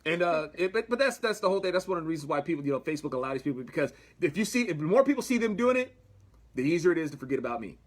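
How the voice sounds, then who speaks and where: A man hosting a casual livestream. He talks in a high, husky voice that rambles and restarts, with chuckling asides. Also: sing-song, racing. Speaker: livestream host. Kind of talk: casual livestream Bible commentary.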